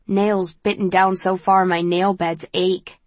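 A woman reading a novel aloud in the first person, in a calm and measured way. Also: fairly low pitch, dry recording. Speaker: audiobook narrator.

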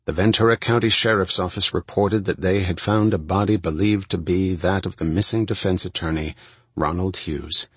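Casting: male audiobook narrator, low voice, slightly husky, dry studio sound. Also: steady tone, moderate pace, no echo. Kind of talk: audiobook narration of a first-person true-crime book.

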